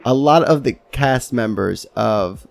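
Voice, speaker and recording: A man hosting a casual podcast, excitable and profane, laughing as he talks. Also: medium pitch, a little slow, vocal fry, soft background music. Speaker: podcast host.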